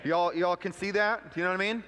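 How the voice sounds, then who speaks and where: A man's voice: high voice, fairly even intonation, a little fast, a bit bright. Man preaching in a reverberant hall. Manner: conversational, storytelling with quoted asides. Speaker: pastor. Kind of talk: sermon. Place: church sanctuary.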